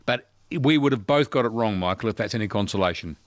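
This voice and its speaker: A man hosts a talkback radio quiz. His voice is lively and animated, rising and falling as he teases his callers and cheers their right answers. The studio sound is dry and close. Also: fairly low pitch, fast, no room sound. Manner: chatty, teasing, enthusiastic.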